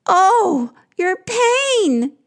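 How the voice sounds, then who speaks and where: A woman's voice: high voice, big pitch swings, measured pace, voice pushed up. A woman doing two sexless moaning creatures. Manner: sighing in unison.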